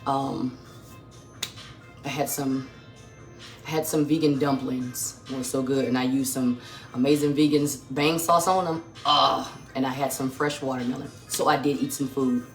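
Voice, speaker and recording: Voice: medium pitch, level tone, normal speed. A home cook hosting a live vegan cooking stream from a kitchen, chatting effusively with viewers while tasting food, sometimes with a full mouth. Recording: echoey kitchen with faint music.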